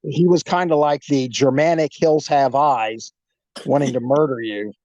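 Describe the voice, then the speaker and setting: A man telling a story as a guest, in a casual, animated way, acting out the dialogue. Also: medium pitch, normal speed. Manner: animated, acts out the dialogue, swears. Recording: slightly dull lo-fi sound.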